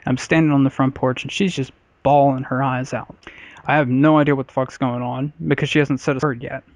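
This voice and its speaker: A man co-hosting a casual comedy podcast recounts a story with blunt profanity and plenty of uhs and likes. His mid-range voice is brisk and fairly even, with no echo, though the podcast audio sounds slightly dull.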